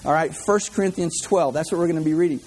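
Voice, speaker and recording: A man's voice: fairly high pitch, quick pace, a little mellow, slight background noise. A man preaching a humorous sermon in a church, chatty, repeating words and tossing in jokey asides.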